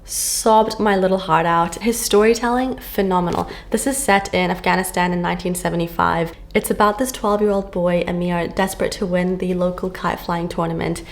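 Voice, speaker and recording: A woman's voice: lowish voice, fairly even intonation, fairly quick, few pauses. A woman book vlogger chatting casually to camera, gushing and full of fillers, filmed at home on a camera on a stand.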